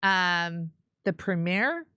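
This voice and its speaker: A woman co-hosting a show, chatting casually in halting, chatty speech with frequent laughs. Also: fairly low pitch, lively intonation, bright, forceful tone, smooth, no room sound. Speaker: co-host. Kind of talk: casual live-stream chat.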